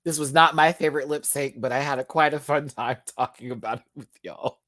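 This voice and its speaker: A man's voice: fairly high pitch, a little fast. Sassy, chatty man reviewing live. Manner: sassy, playful drag slang; chatty, expressive, with laughs. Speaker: YouTube reviewer.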